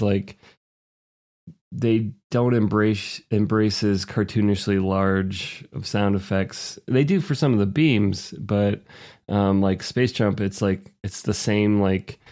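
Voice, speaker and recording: A man's voice: on the low side, darkish tone. A man co-hosting a casual podcast about video games, rambling with jokey asides. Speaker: podcast co-host.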